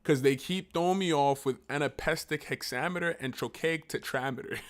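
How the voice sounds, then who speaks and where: A man on a casual livestream, reading text aloud haltingly and breaking off into slangy, profane asides. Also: a little high. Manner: reads text aloud haltingly, then riffs on it.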